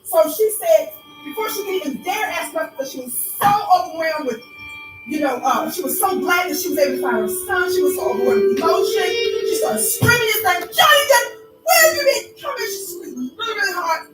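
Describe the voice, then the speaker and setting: High-voiced woman telling a mocking story. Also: lively intonation, brisk. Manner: emphatic, mocking, preacher-like. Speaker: vlogger. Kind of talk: storytelling commentary. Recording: echoey room, mic at a distance, faint music.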